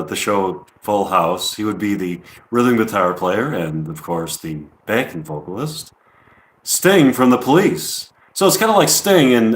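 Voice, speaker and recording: Guy rambling thru an improv bit on a stream, lots of ums, kinda echoey room. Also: medium pitch. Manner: rambling, full of ums and restarts, swears casually. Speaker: improv comedian. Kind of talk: rambling live-stream monologue.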